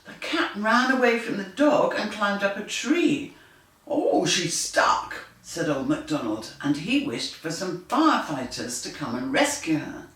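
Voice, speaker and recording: A woman's voice: lowish voice, recorded from a distance. A woman reading her picture book aloud to children, with playful sound effects and character voices. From United Kingdom. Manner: slow, animated, doing lively animal and machine noises. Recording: echoey room, voice from off the mic.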